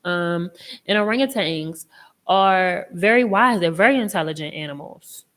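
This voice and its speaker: A young woman hosting a casual live tarot reading, chatty and expressive, with a reassuring tone and casual swearing. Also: lowish voice, normal speed. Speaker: tarot reader and live stream host.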